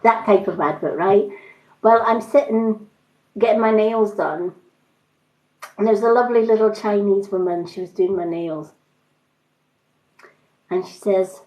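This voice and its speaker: A woman's voice: mid-range voice, a little slow, pauses often, darkish tone. A woman selling makeup and skincare, chatting casually on a live stream and rambling through stories with lots of fillers. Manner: rambling storyteller with frequent fillers. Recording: roomy, slightly dull sound.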